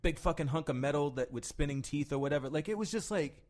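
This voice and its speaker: A man's voice: a little high, expressive, fast, a little mellow. A man co-hosting a podcast, ranting casually and profanely about a disappointing movie. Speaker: podcast co-host.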